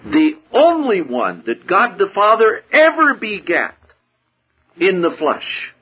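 A man preaching a sermon with a husky voice, swinging from hushed low passages to loud, high-pitched outbursts. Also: wildly swooping pitch, slow, lo-fi sound.

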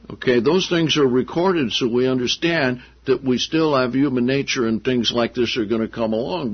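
A man preaching a sermon, telling stories with animated voices for the people he quotes. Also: mid-range voice, slightly rough. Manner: animated storytelling, acting out quotes. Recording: dull lo-fi sound.

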